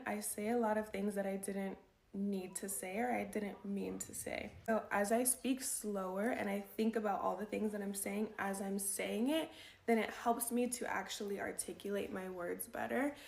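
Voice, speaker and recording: Young female vlogger, fried gravelly tone, roomy echo, chatty advice. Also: on the high side. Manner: chatty, self-reflective, mimics herself. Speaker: lifestyle vlogger. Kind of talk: casual advice talk.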